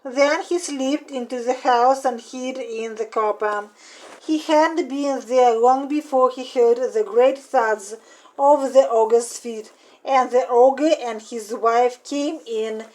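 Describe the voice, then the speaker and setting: Slow, deliberate woman storyteller. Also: a little high, fairly even intonation, darkish tone, poor audio. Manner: slow, deliberate reading with repetition. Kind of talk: reading a fairy tale aloud.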